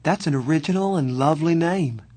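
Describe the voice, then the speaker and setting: A man reading an audiobook, voicing a sharp-tongued, cool teenage cheerleader girl in a raised voice. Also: on the high side, brisk, dry recording, pitched above the performer's own voice, lightly acted. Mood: friendly. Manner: biting, then softening. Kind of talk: audiobook narration.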